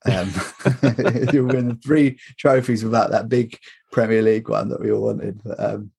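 A man's voice: lowish voice, fairly even intonation, unhurried, vocal fry, a little mellow, slightly rough. A man, chatting casually as a podcast guest, laughing often and restarting his sentences. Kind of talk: casual chat.

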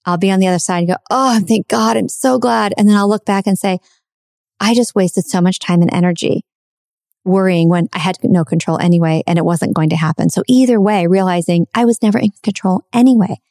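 A woman's voice: lowish voice, steady tone, fairly quick, mellow, no room sound, clean studio sound. A middle-aged woman hosting a podcast, giving an earnest, reflective spiritual self-help talk and repeating phrases for emphasis. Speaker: podcast host.

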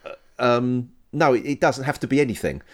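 A man co-hosts a podcast with casual, rambling chat, often restarting, correcting himself, and joking. His voice is medium-pitched, sing-song, and fairly quick.

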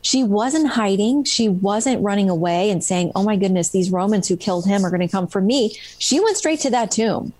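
A woman's voice: medium pitch, lively intonation, normal speed, few pauses, a little mellow, no echo. A woman author retelling stories from her book in a casual interview, with many ums and restarts. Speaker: author guest.

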